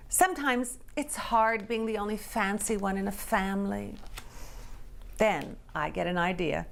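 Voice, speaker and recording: A woman reading a children's picture book aloud in an expressive storytelling voice, dropping into whispers and rising to excited cries. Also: mid-range voice, normal speed, vocal fry. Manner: animated, dips into whispers and rises to excited cries. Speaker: storybook reader.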